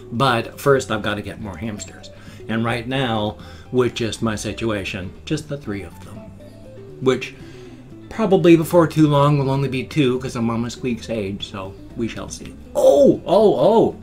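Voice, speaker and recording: A man in his fifties talking casually in a daily vlog, chatty and affectionate, sometimes cooing to a pet or jumping into high squeaky sounds. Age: 50s. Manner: animated, jumps into high squeaky sound effects. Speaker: vlogger.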